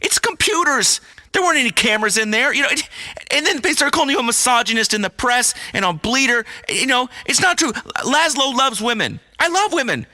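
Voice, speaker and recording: A whiny washed-up radio host. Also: male voice, very high-pitched, animated, a little fast, sharp tone, exaggerated voice. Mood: self-pitying. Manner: stammering, whiny, self-pitying. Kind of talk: radio comedy acting.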